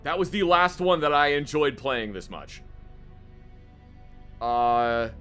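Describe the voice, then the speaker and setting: A man's voice: a little high, lively intonation, takes it slowly, pushed and bright, smooth, faint music behind. Rambling male streamer. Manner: rambling, lots of fillers and cursing. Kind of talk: casual live-stream commentary.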